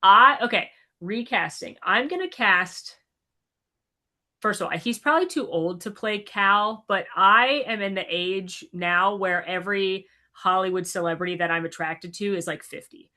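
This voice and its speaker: A woman guest on a podcast, chatting casually in a lively, animated way. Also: mid-range voice, a little slow. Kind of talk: casual chat.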